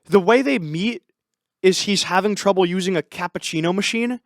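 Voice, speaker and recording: A man's voice: sits high, moderate pace, no room sound, clean studio sound. A man co-hosting a podcast in casual chat, sarcastic and mocking characters by putting on voices. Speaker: podcast co-host.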